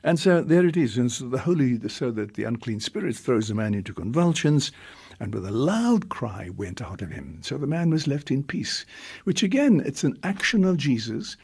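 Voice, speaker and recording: A man, a priest, giving a reflective homily with long pauses and drawn-out emphasis. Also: mid-range voice, big pitch swings, vocal fry, a little mellow, slightly rough.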